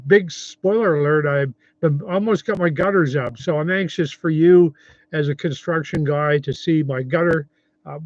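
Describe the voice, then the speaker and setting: A man's voice: fairly high pitch, no room sound, dull audio. A 70-year-old man hosting a casual livestream, rambling in a friendly way and reading viewer comments aloud. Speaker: livestream host.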